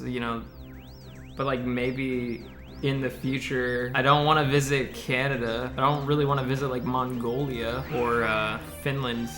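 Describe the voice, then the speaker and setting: Blunt, profane young male streamer. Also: mid-range voice. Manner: blunt, profane, joking banter with chat. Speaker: streamer and speedrunner. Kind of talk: casual live-stream chat while gaming. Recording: game music playing clearly underneath.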